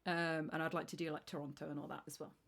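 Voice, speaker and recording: A woman's voice: low voice, flat delivery, fast talker, gravelly, fairly bright tone. A woman in her thirties, streaming and chatting casually with a rambling, self-deprecating manner full of restarts. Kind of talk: casual chat.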